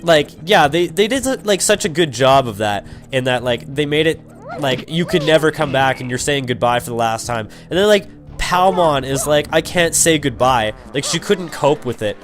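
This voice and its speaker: A man's voice: a little high, expressive, moderate pace. Rambling young man commenting over gameplay. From Canada. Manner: rambling, heavy on "like" and swearing. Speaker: let's play commentator. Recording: faint game music behind.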